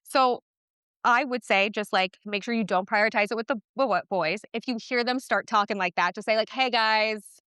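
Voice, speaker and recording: A woman guest on a parenting podcast, talking in a passionate, animated way with quick asides. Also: medium pitch, clean tone, no echo, studio quality. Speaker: podcast guest, twin mom. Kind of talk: casual interview chat.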